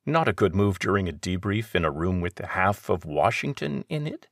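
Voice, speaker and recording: A man narrating an audiobook in a steady, measured way. His voice sits very low. The recording is close and dry, with no room sound. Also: no echo.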